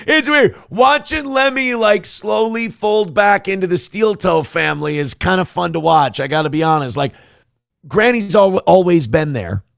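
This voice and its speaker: Male livestream host from Minnesota, gravelly, slightly high voice, dry close sound, mocking and corny. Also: no echo. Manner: mocking, over-the-top corny impressions of critics. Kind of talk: casual livestream rant.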